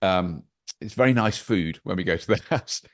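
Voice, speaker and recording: An older man, a podcast guest chatting over a video call, animated and anecdotal with wry asides. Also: sits low, moderate pace. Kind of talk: casual interview chat.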